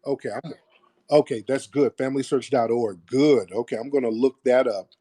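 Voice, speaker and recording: A man's voice: mid-range voice, steady tone, normal speed, warm tone, husky. A man hosting a call-in stream, talking in an emphatic, preachy way and repeating phrases for stress. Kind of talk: opinionated call-in commentary.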